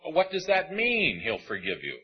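Husky-voiced man preaching with lively pitch. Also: normal speed, highs cut off. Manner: animated, acts out quoted voices in the sermon. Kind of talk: sermon. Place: auditorium.

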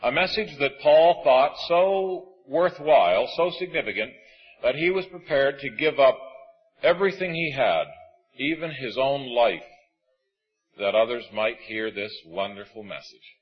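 A man delivers a sermon, reading scripture in a husky, measured voice. He slows down to lean on the words he wants to stress. The recording sounds slightly dull and lo-fi. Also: medium pitch. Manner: measured, emphatic preaching with slow stresses. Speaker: preacher.

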